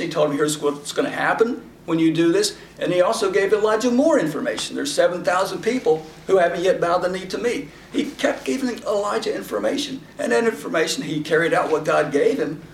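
Gravelly guy doing a laid-back bible study, echoey room, mic kinda far off. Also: fairly high pitch. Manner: folksy, paraphrases scripture in casual voices. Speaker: Bible teacher. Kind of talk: conversational Bible teaching. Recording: echoey room, mic at a distance, faint background noise.

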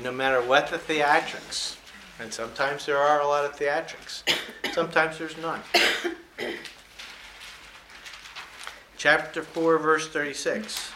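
A man preaching a sermon in a bright, sharp voice. He reads the verses slowly, leaning on the key words. Between them he drops folksy, joking comments and chuckles. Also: medium pitch, slight background noise. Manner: slows down and stresses key scripture words. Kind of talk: sermon, reading and commenting on scripture.

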